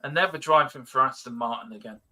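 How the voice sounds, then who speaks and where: A man hosting a live football watch-along stream from home, giving joking, excitable match commentary between teasing banter and frequent laughs. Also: medium pitch, fast talker. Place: home streaming setup with a TV behind him.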